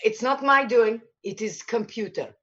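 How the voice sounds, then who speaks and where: A woman's voice: a little high, unhurried, a bit bright, highs cut off. A woman voicing a stern male grocery clerk with a put-on Slavic accent who lays down the rules in a firm, matter-of-fact way.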